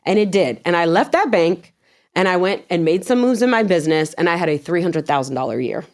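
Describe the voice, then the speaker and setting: This interview guest, a woman with a fairly low pitch, tells her story at a brisk clip. Laughter comes often, along with blunt swearing and animated reenactments of things she said.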